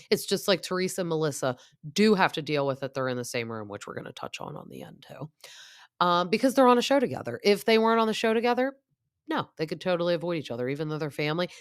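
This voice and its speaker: Low-voiced 30s woman, gossipy reality tv recap, lots of "like", dry close sound. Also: no echo. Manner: chatty, gossipy, lots of "like" and quoted asides. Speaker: podcast host.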